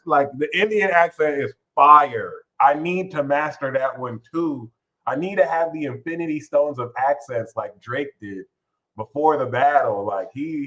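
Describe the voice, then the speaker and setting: A man in the middle of a relaxed tarot reading, drifting between card meanings and off-the-cuff asides. His tone is joking and loose, and he swears without a second thought. His voice sits at an ordinary, mid-range pitch for a man. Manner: playful, rambling, swears freely. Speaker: tarot reader.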